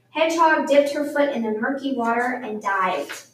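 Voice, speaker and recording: A woman reading a picture book aloud for children at storytime in a lively, expressive way. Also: high-pitched, moderate pace, slight background noise. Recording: very echoey room, mic far off.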